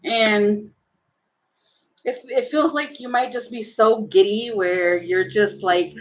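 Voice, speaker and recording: A woman's voice: mid-range voice, slow, slight background noise, poor audio. A woman giving a casual tarot reading, chatty and giggly, thinking aloud as she turns the cards. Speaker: tarot reader.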